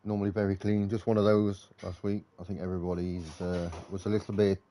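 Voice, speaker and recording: A man with a low, mellow voice gives live racing league commentary. He talks in a relaxed, chatty way and thinks aloud between updates. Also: fast talker, slight background noise.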